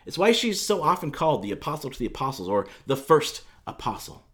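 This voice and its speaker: A male pastor preaching a sermon in a conversational, emphatic storytelling manner. His voice is a little high and swings through a very animated pitch range. He keeps the tone casual with frequent fillers. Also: fairly quick.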